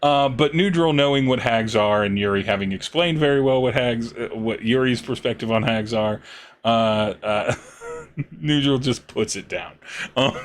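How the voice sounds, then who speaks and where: A man with a low voice narrates combat as game master, taking his time and stumbling through fillers and chuckles. Faint noise sits under the recording. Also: vocal fry, a bit bright. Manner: halting, many fillers, chuckling.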